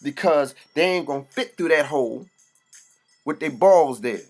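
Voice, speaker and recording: A man's voice: on the high side, expressive, normal speed, soft background music. A man delivering an impassioned, profane monologue. He talks bluntly and preaches in short bursts.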